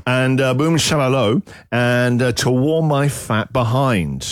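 A man's voice: mid-range voice, animated, a little slow. A man from England hosting radio, playfully reading out misheard lyrics, laughing often and singing snippets. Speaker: radio host. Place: radio studio. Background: music.

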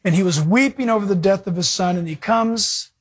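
Husky, animated male preacher. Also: fairly quick. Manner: animated preaching with sudden swings in pitch and pace. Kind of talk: sermon.

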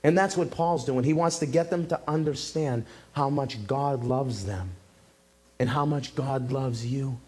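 A male pastor preaching a sermon, telling a story with lively acted-out quotes. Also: medium pitch, unhurried, husky. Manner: animated storytelling, acting out quotes. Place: church in Massachusetts.

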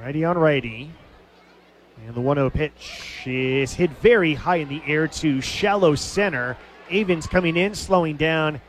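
A man calling a minor league baseball game on radio, telling a funny story between pitches and laughing at it. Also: measured pace. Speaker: baseball play-by-play announcer.

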